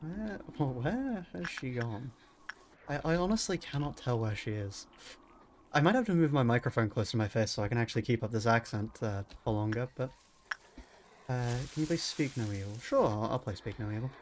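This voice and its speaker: A man streaming a game while putting on an exaggerated posh upper-class English gentleman voice, drawn-out and mock-haughty. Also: medium pitch, lively intonation, slight background noise, natural voice. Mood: mock-refined. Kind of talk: put-on accent during a game livestream. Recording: game music playing under the voice. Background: game music.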